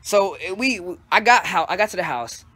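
A young man telling a story in a casual, animated and profane way, full of slang. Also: high-pitched, normal speed. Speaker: storytelling vlogger.

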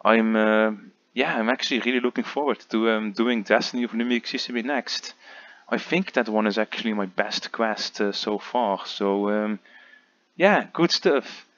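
A man's voice: lowish voice, level tone, moderate pace, fairly bright tone, lo-fi sound. A man casually commentating on a game he made, rambling and self-mocking with lots of filler words. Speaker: game creator commentating his own quest.

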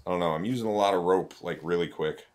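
Male streamer, chatty, jokey, thinking aloud, lowish voice. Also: fast. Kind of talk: casual gameplay commentary.

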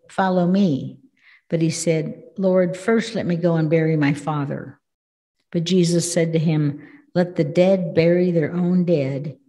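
A woman reading a scripture passage aloud in a measured, formal way during a church service. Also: sits low, dark tone, in a large hall. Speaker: scripture reader.

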